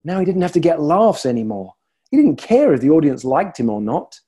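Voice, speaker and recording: Mellow, husky-voiced male coach telling stories. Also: on the high side, big pitch swings. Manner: reflective storyteller with deliberate pauses. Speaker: leadership coach. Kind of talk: motivational talk to camera.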